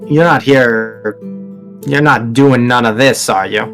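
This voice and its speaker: A man's voice: medium pitch, takes it slowly, a bit bright, soft background music. A man voicing a stressed, tired woman in a tabletop game, drawling and weary.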